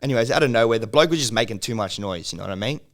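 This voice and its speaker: A man's voice: mid-range voice, expressive, racing. An Australian man, a music video producer, tells a story on a casual podcast, swearing freely and rambling with frequent laughs. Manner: profane, rambling, laughs often.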